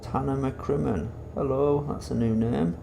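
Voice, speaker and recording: Gravelly, sweary streamer. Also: male voice, mid-range voice, steady tone, measured pace, warm tone, slight background noise. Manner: rambling, sweary, reads viewer comments aloud. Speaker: game streamer. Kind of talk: live-stream chat while playing a trucking game.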